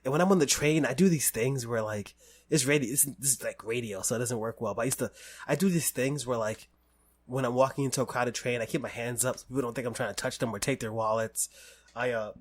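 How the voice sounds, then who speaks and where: A man's voice: medium pitch, quick pace. A man hosting a podcast in casual chat, American, telling long stories and breaking into laughter often. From United States. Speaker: podcast host.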